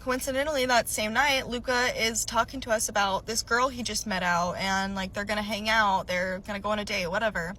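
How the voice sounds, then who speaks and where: A young woman casually recounting a personal story for a storytime vlog, animated and chatty with many filler "likes". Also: mid-range voice, fairly quick, hardly any pauses, slight background noise, poor audio.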